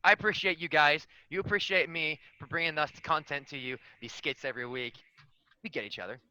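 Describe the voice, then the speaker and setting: A man's voice: fairly high pitch, fairly quick, bright, forceful tone, pitched above the performer's own voice, poor audio. A man giving a boastful, crude comedic campaign speech as a tabletop player. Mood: cocky. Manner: boastful, swaggering, crude jokes.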